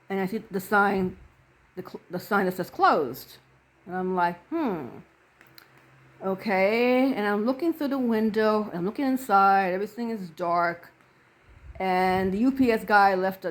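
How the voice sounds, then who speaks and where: A woman reverend telling a personal story to camera in an earnest way, acting out the quoted dialogue. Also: medium pitch.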